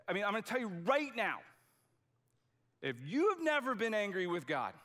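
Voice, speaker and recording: A man delivers a sermon in an earnest, conversational way, leaning hard on key words and restarting sentences as he goes. His voice sits a little higher than most men's. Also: very animated, moderate pace, sharp tone. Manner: conversational, emphatic preaching with frequent restarts. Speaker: pastor.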